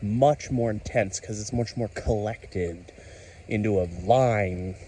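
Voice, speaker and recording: A tired man in casual, rambling vlog commentary, excitable and talking to himself while standing outside in a rainstorm. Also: on the low side, slow, slight background noise, rough recording. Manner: chatty, excitable, talks to himself, mild self-censored cursing. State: tired from staying up all night. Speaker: vlogger. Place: outdoors on a top step in a rainstorm. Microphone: handheld camera. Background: rain falling.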